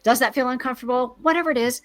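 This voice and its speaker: A woman's voice: high voice, very fast, a bit bright. A woman podcast guest who talks earnestly and encouragingly while giving practical advice as a grief educator. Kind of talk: conversational advice.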